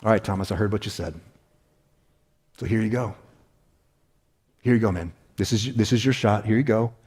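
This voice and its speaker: A preacher putting on a calm grown man in a sermon retelling, talking low and soft, gently teasing and encouraging a doubtful friend, relaxed and unhurried, with a light, good-natured warmth in how he coaxes. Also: breathy edge.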